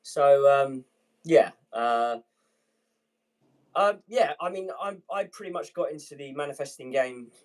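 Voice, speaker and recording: A man's voice: a little high, lively intonation, a little slow, darkish tone, low-quality recording. A British man, a guest on a casual livestream, telling his story in an earnest, winding way. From Britain. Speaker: guest, airline pilot.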